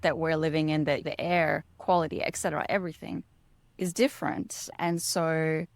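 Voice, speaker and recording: A woman's voice: low voice, steady tone, normal speed, dry recording. A woman hosting a podcast interview, asking long, winding questions full of restarts. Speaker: podcast host.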